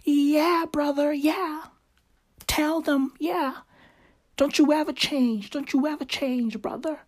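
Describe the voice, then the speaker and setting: A woman voicing a dictator's doting younger sister, who speaks in a hushed, adoring whisper from the background. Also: high-pitched, fairly even intonation, slow, pitched above the performer's own voice.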